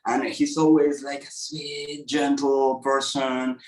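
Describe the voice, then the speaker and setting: Animated man in an echoey room. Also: mid-range voice, slow. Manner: animated, expressive storytelling. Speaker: actor, interview guest. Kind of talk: casual interview chat. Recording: echoey, distant mic.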